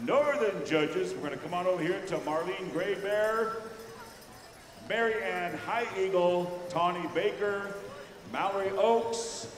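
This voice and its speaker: A man's voice: sits high, background noise. Man directing drum groups over an echoey arena PA. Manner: brisk instructions to drum groups and judges. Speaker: pow wow announcer. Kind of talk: arena announcing. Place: large indoor arena.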